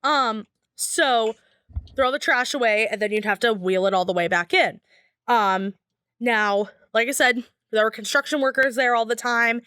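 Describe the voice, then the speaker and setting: Young woman telling a story on a podcast, high bright voice, laughs a lot, dry close sound. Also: normal speed, clear, resonant tone, no room sound. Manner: animated, laughs often, acts out voices in her story. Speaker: podcast guest. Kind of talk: casual storytelling.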